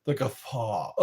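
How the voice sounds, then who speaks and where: Slow-talking, chuckling man host. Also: high voice. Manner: rambling, chuckles often. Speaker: livestream host. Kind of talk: casual chat answering viewer comments.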